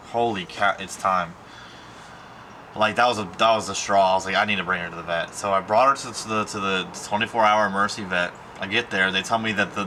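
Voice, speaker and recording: A man's voice: low-pitched, sharp tone, slight background noise. A young man talking in a casual personal vlog, rambling and emotional, with many fillers and restarts. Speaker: vlogger.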